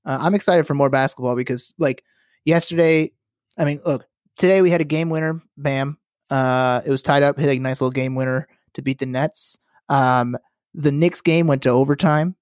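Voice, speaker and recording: Young male podcast co-host, mid-pitched, laid-back talker, dry close sound. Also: moderate pace, no room sound. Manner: relaxed, agreeable, says "like" and "you know" a lot. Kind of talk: casual sports chat.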